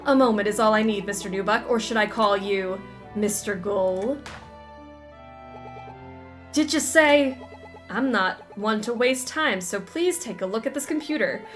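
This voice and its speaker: A woman's voice: mid-range voice, unhurried, long pauses, soft background music, natural voice. A woman reading the lines of a scheming male business rival, who speaks with silky, menacing politeness as game dialogue.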